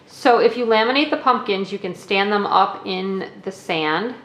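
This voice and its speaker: A woman's voice: mid-range voice, moderate pace, fairly bright tone. Chatty teacher woman in an echoey room. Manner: chatty and explanatory, checking in with okay and all right. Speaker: teacher sharing classroom activities. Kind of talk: casual tabletop demonstration. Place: indoors at a table. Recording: echoey room with faint noise.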